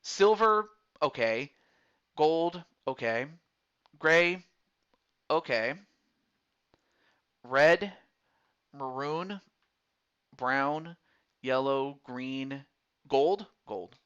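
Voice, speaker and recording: A man's voice: medium pitch, expressive, drawn-out words, pauses often, fairly bright tone, clean tone, dull audio. A man casually talking through a baseball game's character creation menus, reading out choices to a viewer as he picks them. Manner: chatty, talks through menu choices aloud. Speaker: streamer. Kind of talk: casual game commentary.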